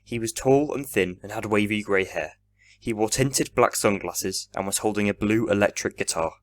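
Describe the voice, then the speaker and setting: A young man reading a fan-written story aloud in steady storybook narration. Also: lowish voice, moderate pace.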